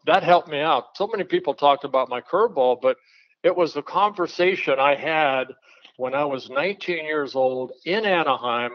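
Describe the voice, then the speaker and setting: A man, a former pitcher, telling blunt, folksy anecdotes in a casual chat, with an occasional chuckle. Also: no room sound. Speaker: retired pitcher, guest storyteller. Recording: dull, lo-fi dry sound.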